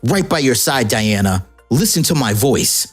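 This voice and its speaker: A woman's voice: extremely low pitch, sing-song, measured pace, husky, soft background music, pitched below the performer's own voice, exaggerated voice. Woman doing an urgent heroine magician. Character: urgent female stage magician hero.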